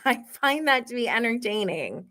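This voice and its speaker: A woman's voice: on the high side, very animated, moderate pace, sharp tone. A young woman hosting a live show, chatting and giggling as she recaps reality TV and reads viewer comments aloud. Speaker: host.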